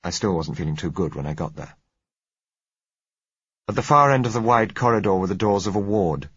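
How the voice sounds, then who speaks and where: A man narrating a novel in the first person, measured and understated. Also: on the low side, lively intonation, a bit bright, breathy edge, dry recording. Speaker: audiobook narrator. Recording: dull, dry lo-fi recording.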